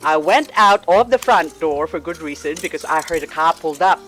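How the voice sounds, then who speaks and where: Australian woman telling a lively personal story. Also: on the low side, moderate pace, soft background music, poor audio. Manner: animated storyteller, chuckles often. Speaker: gardening vlogger. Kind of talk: personal storytelling while potting plants.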